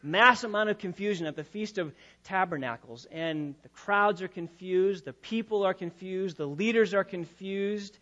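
Man, high voice, preaching a sermon, soft asides then loud emphasis, muffled lo-fi sound. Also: normal speed, hardly any pauses. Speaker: pastor.

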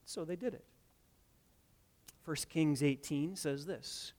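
A man preaching a sermon, swinging from loud emphatic lines to quiet asides and retelling scripture stories with lively quoted dialogue. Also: on the high side, slow pace. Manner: dynamic preaching, swells loud on key points then drops soft. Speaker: pastor.

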